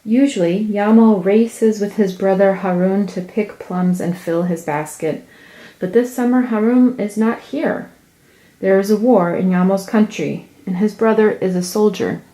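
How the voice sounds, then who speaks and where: Soft-spoken woman reading a storybook. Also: medium pitch, a little slow. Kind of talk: picture-book read-aloud.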